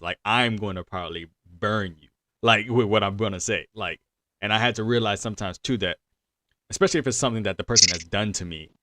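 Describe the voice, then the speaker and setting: A man's voice: fairly low pitch, a bit bright, no echo. A man hosting a casual discussion show, talking in a laid-back way with lots of "like" fillers. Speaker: podcast host.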